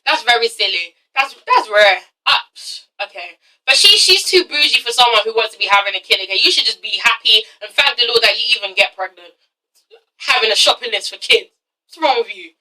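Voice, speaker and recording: With lively intonation and a slightly fast delivery, a nineteen-year-old Englishwoman rants through her casual reality TV review, profane and sassy, ending points with "okay?" Her pitch is fairly high and her tone sharp, and the rough recording comes from a distant mic.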